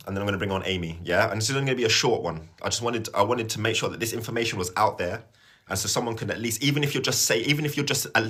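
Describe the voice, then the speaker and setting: Young guy on a live, husky lowish voice, earnest and rambly, keeps saying "yeah?". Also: a bit bright. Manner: earnest, rambling, repeats himself and checks in with "yeah?". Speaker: spiritual livestream host. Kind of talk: live-stream prayer reading and chat.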